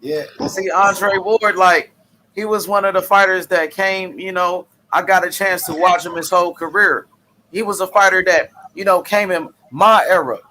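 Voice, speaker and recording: A man's voice: high-pitched, fairly even intonation, normal speed, pushed and bright, slight background noise. A man hosting a casual boxing chat, enthusiastic and leaning on "you know". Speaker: boxing channel host.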